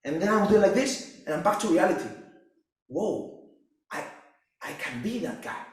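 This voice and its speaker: Young guy, high voice, intense and sweary, sounds like he's in a big echoey room. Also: animated, brisk. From Cyprus. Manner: intense, profane, restless delivery with restarts. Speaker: fitness coach. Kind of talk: personal story monologue.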